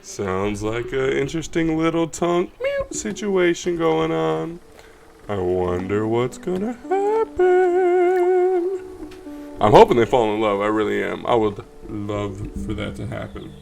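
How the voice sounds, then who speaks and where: A man's voice: medium pitch, very animated, a little slow, creaky, a little mellow, faint music behind. A man chatting casually as he plays a video game, joking around and reading its lines aloud. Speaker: gameplay commentator. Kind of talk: let's play commentary.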